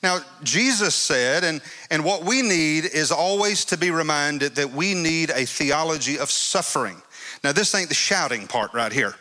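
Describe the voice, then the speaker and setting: A man's voice: fairly high pitch, lively intonation, moderate pace, bright, forceful tone. A male preacher giving an emphatic sermon and repeating his phrases. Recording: long hall reverb.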